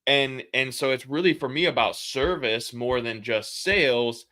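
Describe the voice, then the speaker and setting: Bright-voiced man talking candidly. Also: mid-range voice, moderate pace. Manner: candid, storytelling, casual slang. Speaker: podcast guest, sales coach. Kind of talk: casual interview chat.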